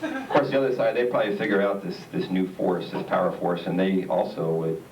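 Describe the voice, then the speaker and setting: A man's voice: low voice, lively intonation, fairly quick, a crowd in the background. Man doing stand-up in an echoey theatre. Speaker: stand-up comedian. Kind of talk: stand-up comedy routine. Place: theatre stage with audience. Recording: roomy, distant, noisy live stage recording.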